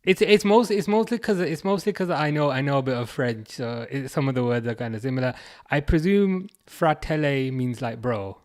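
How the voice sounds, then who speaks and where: A man with a Birmingham accent from the UK hosts a football watchalong livestream, reading out viewer comments in a halting, casual way with many restarts. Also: mid-range voice, lively intonation. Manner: halting, restarts often, chuckles, reads comments aloud. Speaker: livestream host reading chat.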